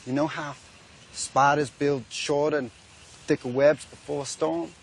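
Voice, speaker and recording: An actor playing a gentle, simple-spoken rural father, patiently explaining. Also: on the high side, fairly even intonation, measured pace, slightly rough.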